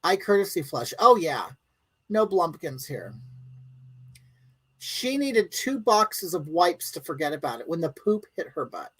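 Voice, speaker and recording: A woman's voice: lowish voice, very animated, unhurried, long pauses, breathy edge, poor audio. A woman hosting a live stream from home, chatting casually and bluntly with viewers and reading out their comments in a rambling, crude way.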